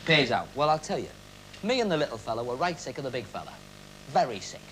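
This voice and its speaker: A man's voice: mid-range voice, very animated, fast, a bit bright, rough recording. Male comic magician working a TV studio crowd, bouncy teasing patter, faint room hum behind. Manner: cheeky, teasing banter with audience volunteers. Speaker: magician and comedy host. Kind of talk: stage comedy patter with audience participation. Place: television studio stage with a live audience.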